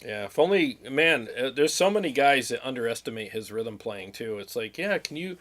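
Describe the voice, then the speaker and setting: A man's voice: mid-range voice, normal speed, a bit bright. A man hosting a live stream, chatting casually, laughing often and talking loosely with fillers. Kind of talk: casual chat.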